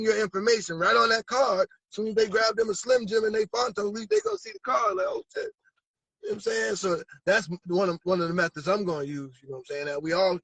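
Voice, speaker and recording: A man from Massachusetts speaks as a guest in a casual interview. His voice is husky and a little high, and it sounds close and dry with no room echo. He talks animatedly in profane street slang. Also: a bit bright. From Brockton, Massachusetts. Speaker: guest musician.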